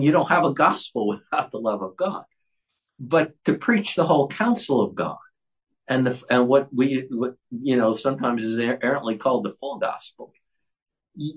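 A man, a pastor, talking earnestly and emphatically about preaching in a relaxed conversation. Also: fairly high pitch, breathy edge, rough recording.

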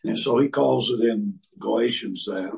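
A man's voice: medium pitch, normal speed, vocal fry, darkish tone, husky, recorded from a distance, poor audio. A man in casual discussion, talking hesitantly and searching for words. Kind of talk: casual chat.

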